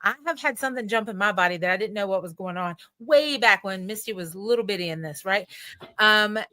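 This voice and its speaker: Animated Appalachian woman telling stories. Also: mid-range voice, a little fast, dry recording. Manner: animated storyteller, acts out quoted voices. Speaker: guest psychic medium. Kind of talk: casual interview talk.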